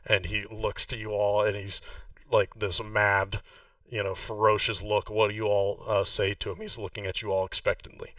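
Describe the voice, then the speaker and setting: A man runs a tabletop game in a low voice, narrating casually with plenty of fillers. He sits away from a dull, muffled mic. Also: little pitch movement, moderate pace, fairly bright tone, dry recording, distant mic. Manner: casual, filler-heavy, laughing. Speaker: game master.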